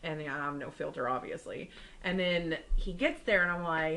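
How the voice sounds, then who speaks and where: Talking fairly quickly in a somewhat bright voice, a young woman co-hosts a casual podcast chat, captured on a rough recording. She spins stories and plays out the quotes of the people involved with large pitch jumps.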